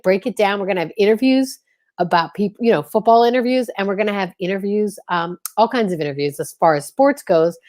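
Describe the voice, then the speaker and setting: A woman's voice: mid-range voice, a little mellow. A woman co-hosting a casual sports talk show, chatty and playful, often addressing the audience directly. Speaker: co-host. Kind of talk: casual chat.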